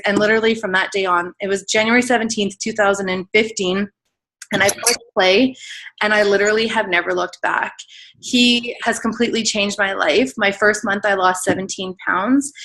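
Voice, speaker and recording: A woman's voice: mid-range voice, fairly even intonation, normal speed, a bit bright. A woman in her thirties giving an earnest, emotional personal testimony as a guest speaker on a team call, in casual, filler-heavy speech. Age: 30s.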